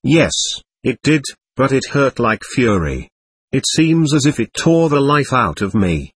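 A man reading aloud as an indignant, bewildered ghost who denies being dead, in a husky voice. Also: medium pitch, very animated, measured pace, dry recording. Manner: defiant, suspicious and bewildered. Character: indignant confused ghost of a dead adult, hostile.

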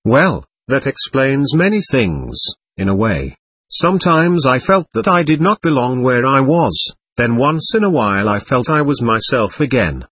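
A man reading aloud as an indignant, bewildered ghost who denies being dead, in a husky voice. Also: medium pitch, big pitch swings, measured pace, fairly bright tone, no room sound, heavily acted. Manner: defiant, suspicious and bewildered. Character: indignant confused ghost of a dead adult, hostile.

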